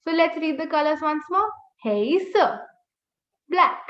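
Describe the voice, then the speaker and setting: Woman teacher on a webinar: high voice, unhurried patient drilling, echoey, dull call audio. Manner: slow, patient drilling with repeated corrections. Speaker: language teacher. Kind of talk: online class teaching. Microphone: video call.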